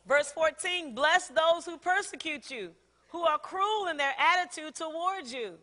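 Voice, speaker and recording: Lively bright-voiced woman preaching in a hall. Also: very high-pitched, unhurried. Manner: animated preaching, often laughing, acts out quotes. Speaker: pastor. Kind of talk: sermon. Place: large church hall. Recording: long church hall reverb.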